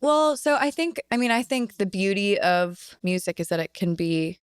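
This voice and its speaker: A young woman in her twenties talks as a podcast guest, animated and loose, with plenty of filler words and the odd swear. Her voice is smooth and resonant at a middle pitch. The sound is dry and close. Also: normal speed, dry recording. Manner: chatty, animated, lots of "like" fillers, swears casually. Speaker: podcast guest, singer and actress. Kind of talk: casual chat. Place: indoor podcast set.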